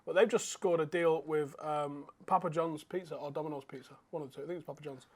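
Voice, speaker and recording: A man's voice: a little high, fairly even intonation, fast. A man, a podcast co-host, chatting casually and giving wry, exasperated commentary as a sports fan. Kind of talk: casual chat.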